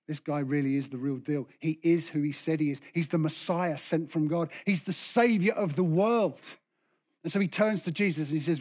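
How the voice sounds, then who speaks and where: A man preaching a sermon with passion, rising to loud bursts and dropping to hushed lines. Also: a little high. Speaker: pastor.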